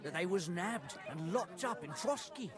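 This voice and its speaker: A man's voice: high-pitched, expressive, moderate pace, a crowd in the background. A man playing a chatty, folksy innkeeper passing on grim news in a game. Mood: gossipy. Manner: chatty, colloquial folksy speech. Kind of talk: game dialogue.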